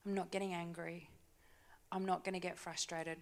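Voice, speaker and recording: A woman preaching a sermon in a church, talking conversationally with tag questions and dropping to soft, hushed asides. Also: lowish voice, level tone, normal speed. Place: church stage.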